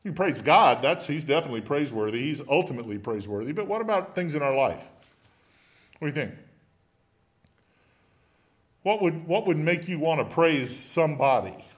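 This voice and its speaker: A man's voice: on the high side, very animated, moderate pace, long pauses. A man teaching a Bible study in a conversational way, often putting questions to his listeners. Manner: asks the group many questions.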